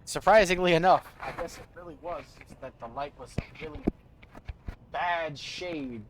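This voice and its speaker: Young guy streaming a game, slightly high voice, rambly and self-mocking, faint noise. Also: moderate pace. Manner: rambling, self-deprecating, talks to chat. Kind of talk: casual gameplay commentary. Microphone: studio desk mic.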